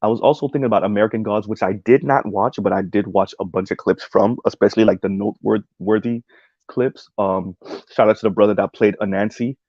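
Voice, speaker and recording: Low, gravelly male streamer: loose, rambling talk, reads chat aloud, full of "um" and "right?", on a dull lo-fi mic. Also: fairly even intonation, a little fast, a little mellow, no room sound. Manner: rambling, many "um"s and "right?" tags. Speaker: streamer reacting to a video essay. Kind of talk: casual livestream commentary, reading chat.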